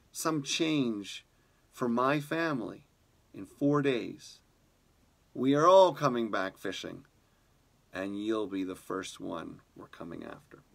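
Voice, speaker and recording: Brief: a weary male fisherman from a fable, blunt and defensive, as a man plays him, with a slightly gravelly voice. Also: medium pitch, animated, slow pace, pauses often, fairly bright tone, exaggerated voice. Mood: wary. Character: stubborn, troubled male fisherman.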